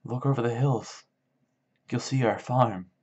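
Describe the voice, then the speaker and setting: A man voicing a weary, protective ranch hand who talks softly and soothingly. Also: medium pitch, steady tone, unhurried, breathy edge, voice pushed up. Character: weary grown man, gentle protective friend. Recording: dull lo-fi sound.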